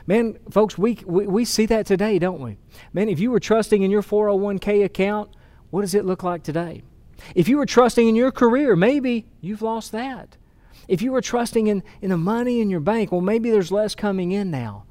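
Guy preaching, earnest, kinda higher voice, dry close sound. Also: lively intonation, moderate pace, mellow, dry recording. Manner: earnest storytelling with repeated words. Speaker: pastor. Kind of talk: sermon.

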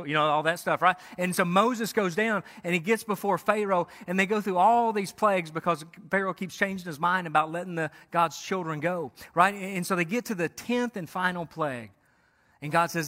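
A man's voice: high-pitched, brisk, pushed and bright, long reverb tail. A pastor preaching a conversational sermon, often restarting his words and checking in with "right?".

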